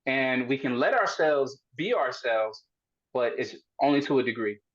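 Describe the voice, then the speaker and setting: A man's voice: mid-range voice, animated, normal speed, fairly bright tone, dull audio. A man hosting a podcast, asking long, probing questions in casual chat and often restarting his sentences. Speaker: podcast host.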